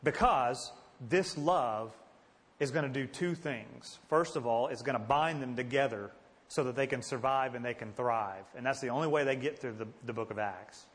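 A man's voice: mid-range voice, in a large hall. A man teaching a Bible study in a conversational way, asking his listeners questions and answering them himself. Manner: conversational, asks the class questions.

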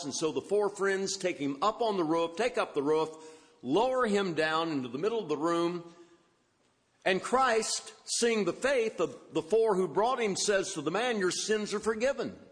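Male preacher, slightly high voice, expository sermon in a reverberant hall. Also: a bit bright. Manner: expository, quotes scripture with rising emphasis.

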